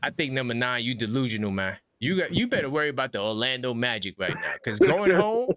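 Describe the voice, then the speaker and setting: A man's voice: mid-range voice, very animated, quick pace, a bit bright, smooth, dry recording. A man hosting a live sports call-in show, trash-talking and laughing with callers in casual street slang.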